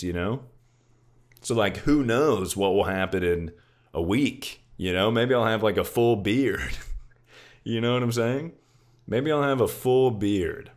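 A young man hosting a casual livestream, laid-back and joking, swearing freely and calling his chat "dude" and "brother". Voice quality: very deep voice.

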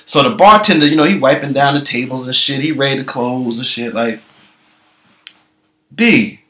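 Animated guy ranting funny stories, swears a ton, echoey room. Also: mid-range voice, normal speed. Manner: animated, profane, chatty. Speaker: comedy vlogger. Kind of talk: profane comic storytelling.

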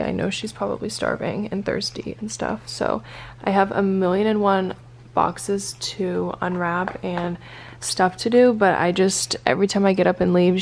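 Her voice is gravelly and medium-pitched as this twenty-something vlogger chats to her phone camera, a bit emotional and prone to soft teary asides. The setting shifts from a car to bed at home. There's slight background noise.

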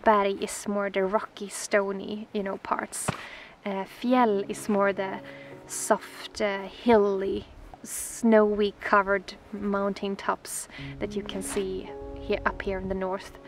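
A woman's voice: mid-range voice, takes it slowly, faint music behind, low-quality recording. Dreamy Swedish woman by a frozen lake. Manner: gentle, dreamy, excitable, drifting softly toward a whisper. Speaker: vlogger. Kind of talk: casual vlog talk to camera.

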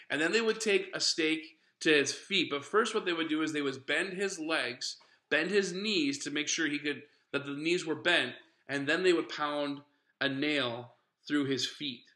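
A man's voice: on the high side, sharp tone. Earnest conversational male preacher. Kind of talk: sermon. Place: church sanctuary. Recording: echoey church room.

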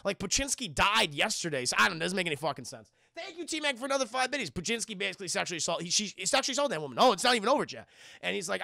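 A man's voice: high voice, lively intonation, quick pace, gravelly, pushed and bright, no room sound, clean studio sound, faint music behind. A man giving casual live-stream commentary on a TV episode, rambling and profane, with many restarts as he talks to his chat.

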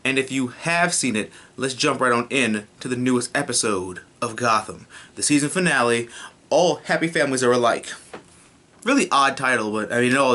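A young man reviews a TV episode in loose, profane chat. His voice is bright and forward. He keeps jumping into little voices to act out the scenes. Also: mid-range voice. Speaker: YouTube TV reviewer. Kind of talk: casual spoiler review.

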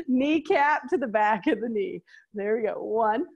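A woman's voice: fairly high pitch, lively intonation, gravelly, darkish tone, muffled recording. A woman in her thirties leading a workout class, counting reps and cheering people on. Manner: counts reps slowly with upbeat encouragement. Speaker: fitness instructor.

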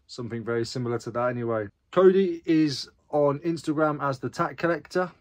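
A man's voice: a little high, darkish tone. A chatty man talking straight to his viewers in a casual vlog, poking fun at himself as he goes. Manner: chatty, self-deprecating, talks to viewers directly. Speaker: reseller vlogger.

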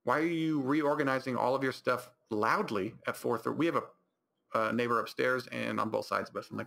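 A man's voice: medium pitch, fairly even intonation, fairly quick, creaky, a bit bright. A man hosting his own podcast, telling rambling casual stories with lots of restarts and self-corrections. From California high desert. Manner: rambling storytelling with many restarts. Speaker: podcast host. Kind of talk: casual solo podcast talk.

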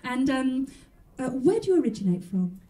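A woman's voice: sits high, big pitch swings, moderate pace, dark tone, distant mic. A woman hosting a mock chat show in a stand-up character act, talking in a prim, genteel, rambling way.

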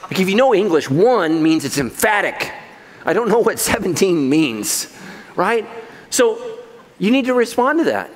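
A man's voice: high-pitched, very animated, a little slow, long reverb tail. A middle-aged male pastor preaching a sermon in a church, conversational and joking, laughing at his own jokes. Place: church auditorium.

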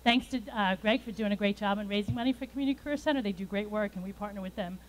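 A woman who has just danced, answering the host modestly and quickly. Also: mid-range voice.

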